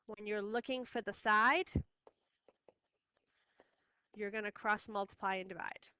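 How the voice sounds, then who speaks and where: A woman's voice: medium pitch, fairly even intonation, measured pace, pushed and bright, clear, resonant tone, highs cut off. A woman teaching a math lesson, firm and repeating key steps for her students. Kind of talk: classroom lesson recording.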